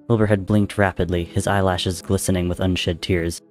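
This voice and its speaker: A man reading a fan-written story aloud, narrating in a steady, measured way. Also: sits low, faint music behind.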